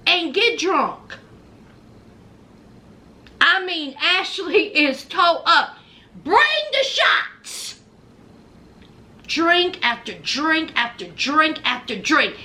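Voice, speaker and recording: A woman's voice: very high voice, sharp tone. A woman giving a blunt, mocking commentary recap of a reality TV episode, talking straight at the people she discusses and acting out what they said. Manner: acts out quoted lines in put-on voices.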